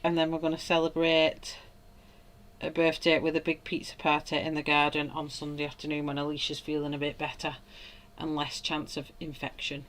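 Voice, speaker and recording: A woman in her thirties hosts a colouring livestream from home. She chats freely, greets viewers by name and laughs often. Her voice sits a little low, and its tone is bright and forward. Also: flat delivery, a little slow. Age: 30s. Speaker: livestream host. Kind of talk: casual chat while colouring.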